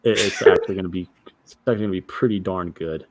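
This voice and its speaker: A man's voice: low-pitched, fast. A man co-hosting a casual comics chat, talking with mock enthusiasm and heavy sarcasm. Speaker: co-host, comic creator.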